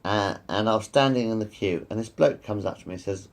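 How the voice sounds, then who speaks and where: A man's voice: fairly low pitch, a little fast. A man in his fifties telling rambling personal stories, repeating himself and swearing freely. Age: 50s. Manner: repetitive, circles back and swears freely. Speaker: vlogger.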